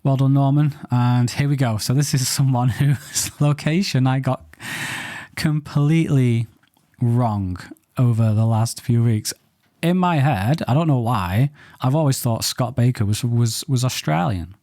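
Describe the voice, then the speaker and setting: A man's voice: medium pitch, a little slow, warm tone, no echo, studio quality. A man hosting a photo reaction show, chatting casually and thinking aloud with playful banter. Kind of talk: casual commentary on viewer photos.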